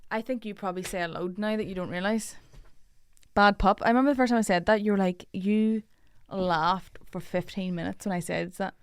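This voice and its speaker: A woman chatting casually as a podcast guest, relaxed and laughing, often trailing off quietly. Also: medium pitch, fairly quick, clean tone, dry recording. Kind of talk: casual chat.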